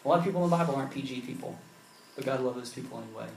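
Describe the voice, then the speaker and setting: A man preaching a sermon in a relaxed, conversational way, telling a story with many casual fillers. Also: mid-range voice, racing, gravelly, reverberant, a little hiss or hum, low-quality recording. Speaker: pastor.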